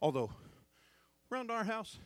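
A man's voice: sits high, big pitch swings, unhurried, fairly bright tone, dry recording. A man preaching a sermon as pastor, fervent and calling out to the congregation for responses.

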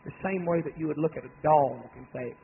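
A man preaching a sermon, building to shouted climaxes and then dropping low and soft. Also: a little fast, creaky. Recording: tinny phone-like radio broadcast with faint noise.

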